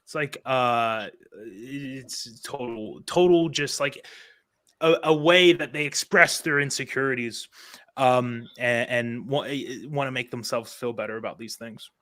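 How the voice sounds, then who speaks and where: A man talking on a stream panel in a rambling, animated way, full of fillers. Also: medium pitch, unhurried. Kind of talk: casual chat.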